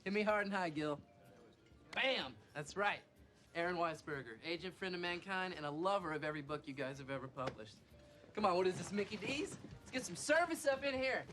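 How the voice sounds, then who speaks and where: An actor playing a wormy young assistant talking in awkward wannabe slang, in a film scene. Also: male voice, high voice, animated, fairly quick, music in the background. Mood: showy. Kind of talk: film dialogue.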